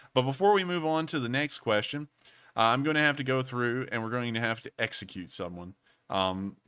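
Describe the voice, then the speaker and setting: A man's voice: mid-range voice, pushed and bright, smooth. A man hosting a casual livestream Q&A, rambling and repeating stock phrases as he answers viewers. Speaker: host. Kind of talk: livestream commentary and Q&A.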